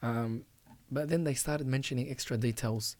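A man's voice: medium pitch, fairly even intonation, normal speed, a little mellow, no echo. Earnest man urging listeners, dry sound. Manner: earnest, exhorting, repeats phrases for emphasis. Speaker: podcast host. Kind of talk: religious advice talk.

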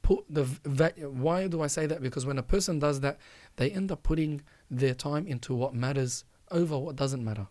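A man's voice: fairly high pitch, moderate pace, hardly any pauses, dark tone, no room sound. Earnest man urging listeners, dry sound. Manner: earnest, exhorting, repeats phrases for emphasis. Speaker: podcast host. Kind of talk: religious advice talk.

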